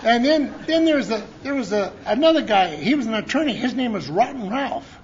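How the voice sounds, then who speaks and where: A high-voiced man tells stories at a conference in a folksy, rambling way, often restarting his sentences and putting on the voices of people he quotes. The recording is dull and lo-fi, with a faint hiss under his voice. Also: lively intonation, brisk, crowd noise. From Montana. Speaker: conference speaker. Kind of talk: recovery talk storytelling. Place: conference hall. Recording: lo-fi conference tape.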